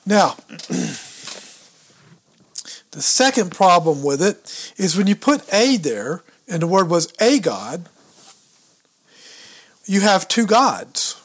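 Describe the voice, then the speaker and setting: Slow-talking man explaining scripture. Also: high-pitched, very animated, a bit bright, slightly rough. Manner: explains step by step, thinks aloud while leafing through books; reads scripture and Greek words aloud, stumbling over pronunciation. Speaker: podcast co-host. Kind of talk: casual teaching talk on scripture.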